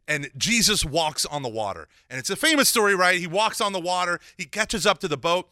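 A man giving a lively Catholic teaching talk, mixing casual slang with scripture and acting out the dialogue he retells. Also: sits high, brisk, no echo, clean studio sound. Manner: animated, acts out quoted dialogue.

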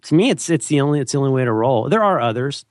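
A man's voice: mid-range voice, expressive, fast talker, no echo. A man co-hosting a podcast in casual, rambling chat, joking and putting on silly voices. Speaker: podcast co-host.

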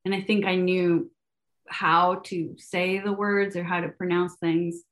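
A woman's voice: on the low side, level tone, a little slow. Chatty young woman, Spanish speaker. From Venezuela. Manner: chatty, many fillers and restarts, laughs often. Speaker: guest, math educator. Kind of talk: casual podcast interview.

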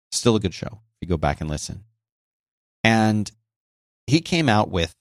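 A podcast host chats through a relaxed solo episode about microphones, explaining conversationally and often restarting sentences. His voice sits on the low side, and the sound is close and completely dry with no echo or room around it. He records on a close dynamic microphone with a noise gate in a home office near a busy highway.

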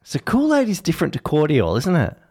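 A man's voice: fairly high pitch, huge pitch swings, brisk, a little mellow. An Australian man hosting a casual chat, steering the talk with playful prompts. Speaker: host.

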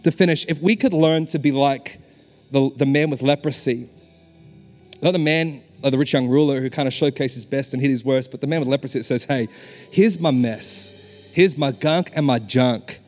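A man's voice: mid-range voice, fairly even intonation, brisk. A pastor delivering an impassioned, emphatic sermon, often urging his listeners with "come on.". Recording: long hall reverb with faint music behind.

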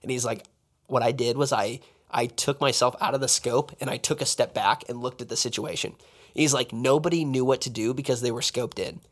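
A man talks in a relaxed conversation, lively and animated, speeding up in excited bursts. His voice sits at an ordinary middle pitch. He jokes and laughs along the way. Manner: animated, energetic, fast bursts when excited. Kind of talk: casual conversation.

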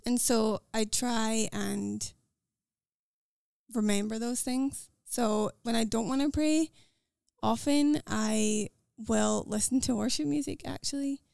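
An American woman with a Scottish-tinged accent, talking as a podcast guest in an earnest, quick way with fillers and restarts. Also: fairly high pitch, steady tone, vocal fry, a little mellow, smooth, no echo, clean studio sound. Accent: American with a Scottish lilt. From United States. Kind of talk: casual conversational interview.

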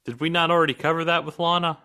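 A man's voice: on the high side, flat delivery, very fast, sharp tone. A man co-hosting a casual podcast, giving opinionated, joking takes on a TV episode with frequent restarts. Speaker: podcast co-host. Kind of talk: casual TV recap chat.

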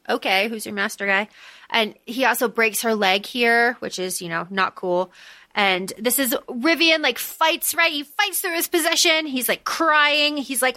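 A woman co-hosting a casual book-discussion podcast, recapping the plot in quick animated bursts. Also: a little high, no echo. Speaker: podcast co-host.

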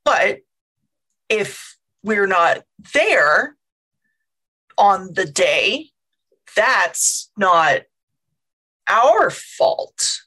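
A woman's voice: medium pitch, very animated, extremely slow, pauses often, bright, forceful tone, breathy edge. A woman playing a tabletop game, talking in a hesitant, wry, casual way. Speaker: player.

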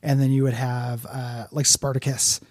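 Mellow-voiced man telling rambling stories. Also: mid-range voice, little pitch movement, moderate pace, dry recording. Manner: rambling storyteller, dry. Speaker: podcast co-host. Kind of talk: casual chat.

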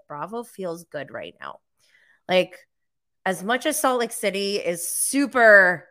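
A woman talks through a live recap in a loose, chatty way, leaning on "like" and "um". Her voice sits a bit low but has a bright, forceful edge. She gets animated and squeaks up high when quoting herself. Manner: chatty, filler-heavy, lots of "like". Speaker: live show host recapping reality TV. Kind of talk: casual live-stream chat.

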